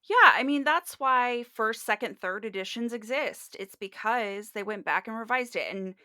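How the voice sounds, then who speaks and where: A woman co-hosting a podcast, chatting casually about books in an agreeable, measured way. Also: a little high, expressive, pushed and bright, no room sound, studio quality. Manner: agreeable, measured, backchannels a lot. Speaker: podcast co-host. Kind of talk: casual book chat.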